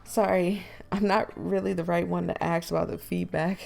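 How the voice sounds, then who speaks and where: A woman's voice: lowish voice, little pitch movement, normal speed, vocal fry, few pauses, darkish tone, soft background music. A young woman giving casual, giggly gameplay commentary as a YouTuber, joking at her own expense. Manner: giggly, self-deprecating. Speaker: gaming YouTuber.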